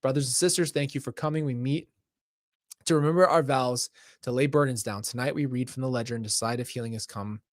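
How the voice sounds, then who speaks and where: A man's voice: mid-range voice, fairly quick, no echo, studio quality, natural voice. A man reading a solemn elder circle leader.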